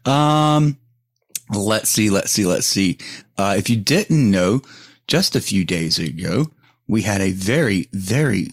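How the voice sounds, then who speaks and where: Man hosting a podcast, lowish voice, dry close sound, profane, laughs a lot. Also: husky, no room sound. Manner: profane, laughs often, rambling storyteller. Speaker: podcast host. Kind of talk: casual chat.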